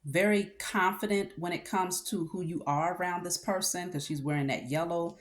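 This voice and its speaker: A woman with a low voice talks through a tarot reading in an easygoing, conversational way. She stops often to check in with her listener and fills the pauses with casual asides. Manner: conversational, with fillers and check-ins. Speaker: tarot reader.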